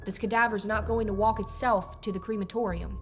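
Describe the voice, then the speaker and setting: A woman's voice: medium pitch, fairly even intonation, brisk, natural voice. A woman voicing a harsh, imperious female chief of medicine who barks curt, sarcastic orders, with faint music behind. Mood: sneering. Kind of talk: horror story reading.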